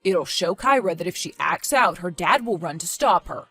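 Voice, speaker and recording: A woman voicing a careless father who breezily brushes off his girlfriend's worries in an animated story. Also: fairly low pitch, moderate pace, breathy edge, soft background music, heavily acted. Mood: lecturing. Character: dismissive careless father, a grown man. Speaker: boyfriend and father.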